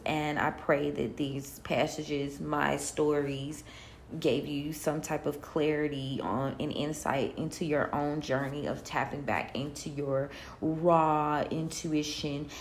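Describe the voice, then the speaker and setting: A woman's voice: low-pitched, gravelly. A woman with a Southern US accent hosting a podcast solo, talking in a laid-back, chatty way and laughing often. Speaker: podcast host. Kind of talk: casual solo podcast chat. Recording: roomy echo, faint room noise.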